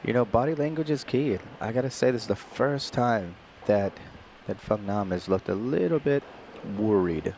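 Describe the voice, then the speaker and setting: A man from Singapore giving live pool commentary in a relaxed, chatty way, explaining each shot in detail. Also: on the low side, moderate pace, few pauses, slight background noise.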